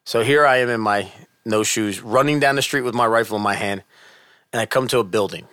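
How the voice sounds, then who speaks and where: A middle-aged man telling a personal story in casual chat, animated and earnest, dropping softer at tense moments. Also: fairly low pitch, brisk, dry recording, studio quality.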